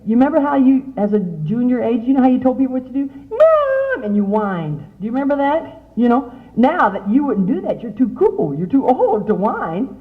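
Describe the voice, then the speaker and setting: A middle-aged woman gives an animated motivational talk to teen girls, often asking her audience questions. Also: fairly high pitch, a little fast, few pauses. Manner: chatty, animated, asks the audience many questions. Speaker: speaker at a youth conference. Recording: tinny, phone-like lo-fi sound.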